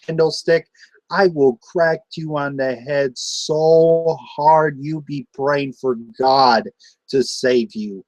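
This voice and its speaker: A man's voice: mid-range voice, no echo. A man ranting a taunting wrestling promo. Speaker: wrestling show host. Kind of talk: trash-talking wrestling promo.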